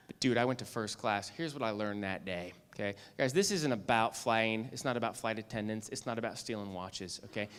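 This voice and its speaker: A man giving a motivational keynote speech, telling a story with lively acted-out lines and asking the audience "okay?" and "right?" again and again. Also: lowish voice, a little hiss or hum. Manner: animated storyteller, acts out lines, asks "okay?" and "right?" often. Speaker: keynote speaker and magician.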